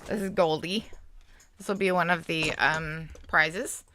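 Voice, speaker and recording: A woman's voice: low-pitched, steady tone, unhurried, crowd noise, low-quality recording. A woman hosting a casual reaction livestream, chatting with viewers and making sarcastic asides. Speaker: reaction streamer host.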